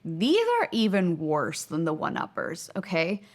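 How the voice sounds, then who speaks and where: A woman hosting a self-help video, talking straight to camera in an emphatic way, slowing down to stress key words and acting out little quoted exchanges. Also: fairly low pitch, big pitch swings. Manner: acts out quoted speech in little skits. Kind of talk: motivational talk to camera.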